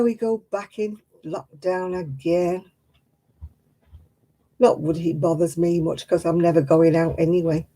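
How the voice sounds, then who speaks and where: A woman's voice: on the low side, warm tone. A woman hosting a crafting live stream, chatting casually with viewers in a self-mocking way and laughing often. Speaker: craft livestream host.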